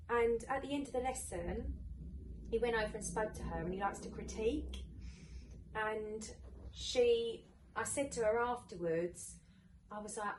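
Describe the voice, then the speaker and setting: A woman's voice: fairly high pitch, measured pace, pauses often, darkish tone. A woman hosting a parenting podcast, chatting candidly and animatedly, swearing freely and acting out other people's voices. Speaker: podcast host, mum. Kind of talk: casual chat. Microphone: distant mic in an echoey room. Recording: roomy echo, distant mic, faint noise.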